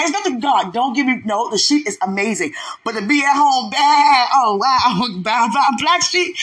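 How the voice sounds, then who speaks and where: A woman who runs a ministry, praying out loud and talking about her faith in a fervent, exclamatory way. She swings from loud bursts of praise down to quiet murmurs. Her voice is bright and a little husky. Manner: swings between loud outbursts and low murmurs. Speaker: ministry leader. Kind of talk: spontaneous prayer and spiritual talk.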